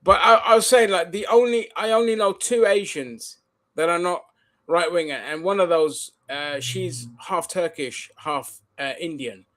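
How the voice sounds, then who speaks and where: Male podcast host, casual chat, slightly high voice, animated, swears. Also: unhurried. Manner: animated, sweary, explains at length.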